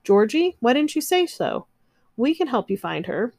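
A woman's voice: fairly high pitch, sing-song, moderate pace, dry recording, studio quality, voice pushed up. A woman doing a friendly dog walker. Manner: warm, helpful.

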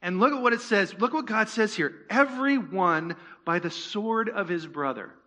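This church sermon comes from a man whose voice is high and bright, moving at a moderate pace. He keeps things chatty, throwing rhetorical questions at the congregation and slipping in playful remarks.

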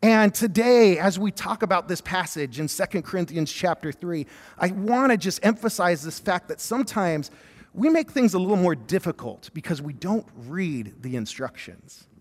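A youth pastor in his thirties, preaching with lively, self-deprecating stories and humor. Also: high voice, normal speed, long reverb tail. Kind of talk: sermon with personal stories.

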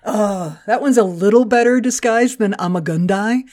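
A woman co-hosting a podcast, talking in a casual, chatty way. Her pitch sits in the middle range. She swears freely and laughs easily. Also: moderate pace, a little mellow. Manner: chatty, profane, laughs a lot. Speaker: podcast co-host.

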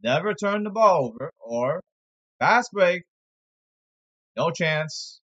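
A man's voice: on the high side, lively intonation, takes it slowly, fairly bright tone, lo-fi sound. A man giving a rambling, sarcastic sports commentary monologue, exasperated and jumping from topic to topic. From New York area.

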